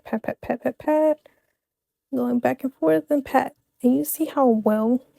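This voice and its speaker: Chatty young woman with a mellow voice. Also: a little high, dry recording. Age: young adult. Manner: chatty and playful, with offhand asides and self-corrections. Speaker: makeup vlogger. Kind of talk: casual makeup tutorial voice-over.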